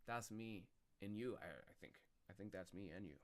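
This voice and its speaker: A man's voice: fairly low pitch, moderate pace. A man rambling and musing as he chats to viewers on his live stream. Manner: rambling, musing, talks to chat. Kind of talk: casual live-stream chat.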